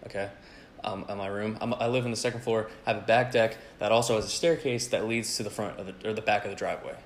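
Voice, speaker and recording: A man's voice: on the low side, fast talker, a little hiss or hum. A young man in casual chat, telling a crude story full of swearing and laughter. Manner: profane, animated, laughing storyteller.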